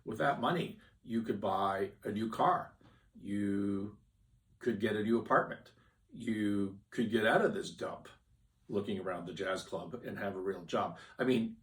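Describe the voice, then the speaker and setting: Low-voiced man telling a story. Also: distant mic. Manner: animated storyteller, loud when quoting others. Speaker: podcast host. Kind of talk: casual storytelling monologue.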